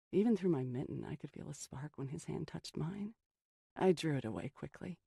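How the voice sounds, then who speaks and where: An expressive audiobook narrator tells a first-person gothic story with a lively, rising and falling delivery. The voice is gravelly and husky with creaky edges. It is recorded close and dry, with no room sound. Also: mid-range voice, normal speed, no room sound. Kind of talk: scripted narration.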